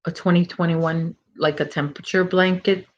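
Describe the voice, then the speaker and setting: A woman's voice: lowish voice, fairly even intonation, moderate pace, lo-fi sound, a little hiss or hum. A middle-aged woman hosting a casual crochet live stream, chatting and rambling as she reads viewer comments. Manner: chatty, rambling, self-correcting. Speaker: crochet channel host.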